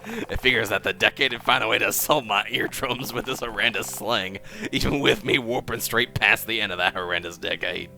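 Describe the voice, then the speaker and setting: A man voicing an old-fashioned cowboy gunslinger from space, with a gruff, proper drawl full of "partner" and "tarnation". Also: fairly low pitch, a little fast, sharp tone, faint music behind, heavily acted. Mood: exasperated.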